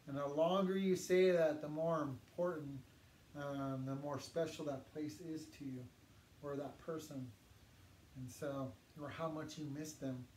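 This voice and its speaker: A man's voice: fairly high pitch, fairly even intonation, darkish tone. Man teaching a language lesson, echoey. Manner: patient, repeats words slowly for learners. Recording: echoey room with faint noise.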